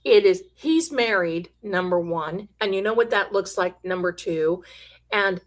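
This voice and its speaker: With a mid-range, unhurried voice, a woman of Italian heritage runs a live psychic stream. She's chatty and emphatic as she tells her viewers stories, drifting into quoted voices along the way.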